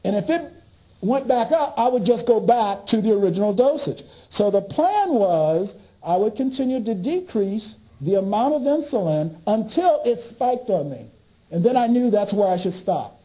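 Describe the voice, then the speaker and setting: Over a rough recording, a man whose voice sits high tells stories at a moderate pace as a speaker and author. He animatedly plays out dialogue with his doctors and often starts sentences over.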